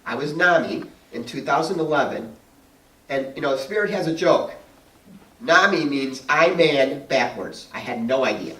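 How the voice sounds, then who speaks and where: A man's voice: mid-range voice, expressive, moderate pace, a bit bright. A middle-aged man giving a talk to an audience, telling personal stories in a chatty way, laughing often and acting out what people said. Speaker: guest speaker and painter. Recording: roomy sound from a distant mic.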